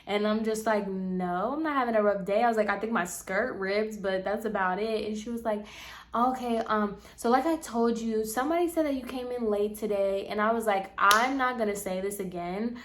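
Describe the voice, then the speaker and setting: A young woman vlogger telling a casual storytime in a slangy, animated way, acting out the voices of the people she quotes. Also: mid-range voice, moderate pace. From Puerto Rican heritage.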